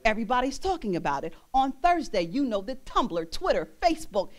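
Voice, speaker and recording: A young woman minister preaches in a church with bright, high pitch and lively energy. She laughs often and slips into bits of song as she goes. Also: a little fast. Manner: animated, laughing, breaks into singing. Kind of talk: sermon.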